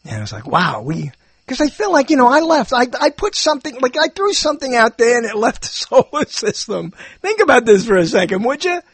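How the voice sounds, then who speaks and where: Husky older man musing aloud. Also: extremely high pitch, wildly swooping pitch, fast talker, few pauses, no room sound. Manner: musing, meandering, self-interrupting, chuckling. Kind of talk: rambling monologue.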